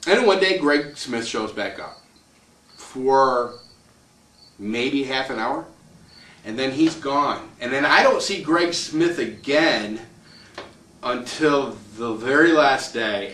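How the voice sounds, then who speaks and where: A man's voice: mid-range voice, fairly bright tone. Chuckling man telling a rambling story. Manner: rambling, chuckling, acts out others' lines. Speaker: landowner telling his story. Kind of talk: casual spoken storytelling. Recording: roomy echo, distant mic, faint noise.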